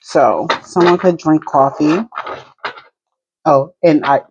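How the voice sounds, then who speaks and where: Slow, musing New Jersey woman reading tarot. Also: low-pitched, lo-fi sound. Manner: unhurried, musing, talks to the cards and spirit. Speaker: tarot reader. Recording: clear background noise.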